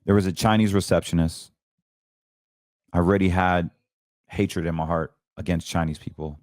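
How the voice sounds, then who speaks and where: A middle-aged man hosting a show, telling an earnest personal testimony in a casual, preaching way that grows quiet and emotional. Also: fairly even intonation, normal speed, no echo, studio quality. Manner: earnest and preachy, voice drops low when emotional. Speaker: podcast host.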